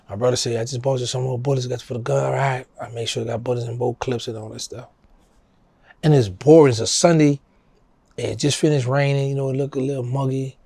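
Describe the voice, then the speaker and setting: A middle-aged man with a New Orleans accent tells his story in a gravelly, husky voice. He animates the dialogue, jumping up in pitch to act out what people said. The sound is close and dry. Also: no room sound. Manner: animated storyteller, acting out quotes in a higher voice. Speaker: interview guest. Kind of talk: casual storytelling.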